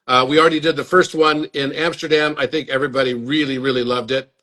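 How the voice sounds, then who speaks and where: A man's voice: mid-range voice, fairly even intonation, fast talker, bright, forceful tone. A man hosting a live stream chat, earnest and inviting, often repeating words as he talks. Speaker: host. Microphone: phone or webcam on a live stream.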